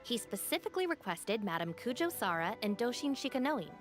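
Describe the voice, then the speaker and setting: A woman's voice: a little high, very animated, a little fast. An actress playing a dependable young woman in a gang, dry and matter-of-fact, over game music.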